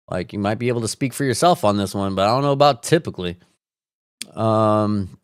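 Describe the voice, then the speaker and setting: A man hosting a live stream reacts to viewer comments with casual, profane and sarcastic chat, laughing frequently. His voice is on the low side, a little fast and clean in tone, recorded in a clean studio with no echo.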